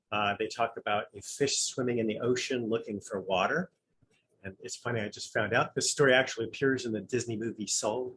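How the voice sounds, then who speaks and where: A man's voice: mid-range voice, a bit bright, rough recording. Male Zen priest, casual dharma talk, musing and conversational, mid-range voice, faint background noise. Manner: musing, conversational, thinks aloud with light humor.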